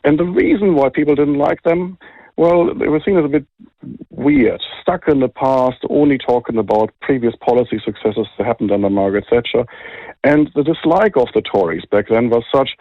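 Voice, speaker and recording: A man's voice: medium pitch, moderate pace, dry recording, narrow, tinny audio. A middle-aged man from Germany with a German accent, a guest on a radio interview, explaining things articulately with dry humour. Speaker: think tank director, guest.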